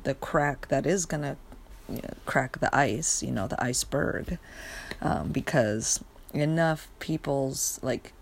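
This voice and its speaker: A young woman with a deep, bass, creaky voice rambles through a casual rant, sleepy and yawning. She swears often, uses many fillers, and keeps stopping to restart her sentences.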